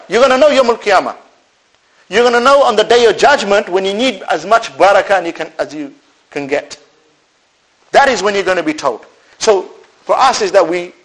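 A man's voice: high voice, poor audio. A man preaching a sermon to a live audience, asking rhetorical questions and answering them himself, with Arabic religious phrases woven in. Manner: animated, swings between loud and soft. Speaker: Islamic preacher.

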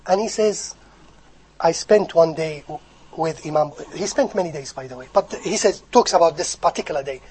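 A man preaching a sermon, animated, swinging from loud emphasis to soft asides and acting out quoted speech. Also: fairly high pitch, normal speed, poor audio. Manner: acts out quoted speech and recites in Arabic. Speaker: Islamic preacher. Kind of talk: sermon on hadith scholars.

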